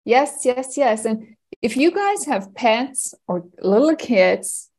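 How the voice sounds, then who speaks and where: A woman anxiety coach co-hosting a podcast, talking in an animated, playful way and acting out little scenes. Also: a little high, slow pace, rough recording. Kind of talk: casual podcast chat.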